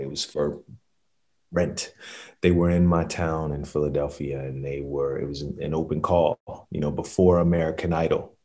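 A man in his thirties, an actor, telling a relaxed, chatty story to the camera. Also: very deep voice. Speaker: actor guest. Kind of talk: casual anecdote to camera.

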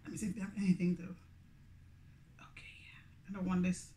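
A woman's voice: lowish voice, little pitch movement, fairly quick, warm tone, slight background noise. A woman with a Grenadian accent, a food vlogger chatting casually between bites. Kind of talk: casual eating vlog chat.

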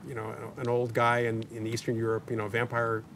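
Guesting for an interview at a community media studio, a paranormal investigator in his sixties chats anecdotally and jokes on the side, though his delivery is completely flat. He speaks fairly quickly with a fairly bright tone, recorded from a distant mic with faint rumble.

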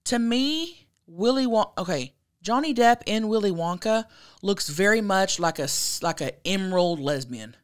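A woman's voice: medium pitch, expressive, moderate pace, clean tone. A woman co-hosting a podcast, talking in a brash, blunt, casual way. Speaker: podcast co-host. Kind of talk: casual chat.

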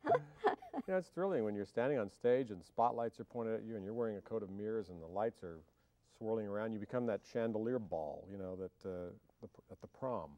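Wry low-voiced man giving interview. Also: sing-song, a little fast, dark tone, no echo, dull audio. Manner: wry, joking, loose with fillers and restarts. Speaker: film actor interviewee. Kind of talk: casual interview chat.

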